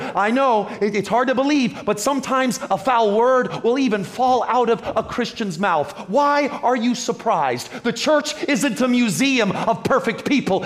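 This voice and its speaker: A pastor preaching a lively, humorous sermon that builds on repeated phrases. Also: male voice, very high voice.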